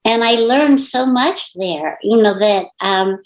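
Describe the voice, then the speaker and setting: A woman's voice: fairly high pitch, takes it slowly, low-quality recording. A middle-aged woman, an author being interviewed, telling a personal story in casual conversation and acting out the quoted lines. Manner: animated storyteller who acts out quoted dialogue.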